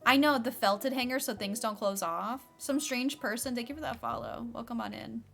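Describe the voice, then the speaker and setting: A woman's voice: a little high, moderate pace, creaky, fairly bright tone, faint music behind. A young adult woman streaming a game, chatting casually and filling her speech with "like". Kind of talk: casual chat while playing a game.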